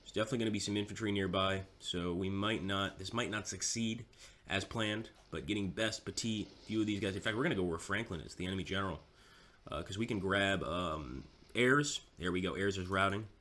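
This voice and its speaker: Man, low voice, forceful bright tone, casual game commentary, self-mocking. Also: fairly quick.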